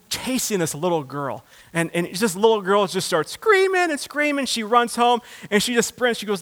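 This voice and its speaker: A man preaching a sermon as pastor, building to loud impassioned passages and then dropping low and quiet. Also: lively intonation, brisk, few pauses. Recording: long hall reverb.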